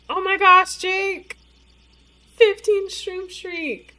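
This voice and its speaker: A woman streams a game live, chatting casually and saying "like" and "you know" a lot, her speech a bit slurred from a bitten tongue. Her medium-pitched voice is animated and a little bright, at a measured pace.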